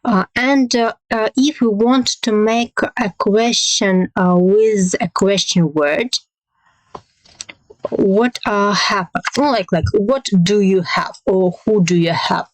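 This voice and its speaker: Woman teacher, slow, halting delivery, dry close sound. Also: medium pitch, no echo, low-quality recording. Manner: slow, hesitant, many fillers, models phrases carefully. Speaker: language teacher. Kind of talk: language lesson.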